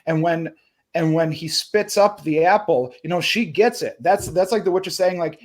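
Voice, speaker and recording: A man's voice: a little high, moderate pace. A man on a film podcast, talking through the plot in a rambling, casual way, restarting his sentences as he goes. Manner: rambling, restarts often, acts out characters' thoughts. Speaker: podcast panelist.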